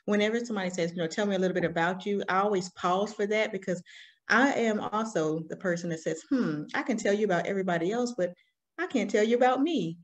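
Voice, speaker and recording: A woman in her forties with a Southern American accent, telling her story as an interview guest with lively, laughing energy. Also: medium pitch, quick pace. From Alabama, US. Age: 40s. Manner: animated storytelling, laughs often. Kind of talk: conversational interview.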